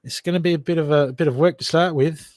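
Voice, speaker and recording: A man's voice: a little high, steady tone, fast, darkish tone. A man giving tarot readings on a casual livestream, chatty and familiar, calling viewers darling and mate. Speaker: live tarot card reader.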